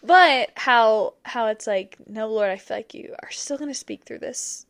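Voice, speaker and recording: Woman, podcast co-host, casual faith chat, quiet and reactive, slightly high voice, dry close sound. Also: measured pace, gravelly, dry recording. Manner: soft-spoken, many wow reactions, trails off.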